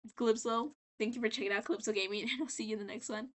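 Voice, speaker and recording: A woman's voice: on the high side, steady tone, very fast. A tipsy woman casually recapping a cartoon, giggling, swearing often and losing her place. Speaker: video creator.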